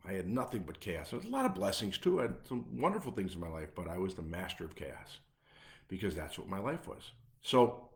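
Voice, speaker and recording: A man with a Chicago accent gives a live motivational talk as a coach. His voice sits a little low, and he hammers his points with short, repeated lists. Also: sing-song, a little fast, gravelly. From Midwest US. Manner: emphatic, repetitive, punchy lists. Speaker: anxiety coach.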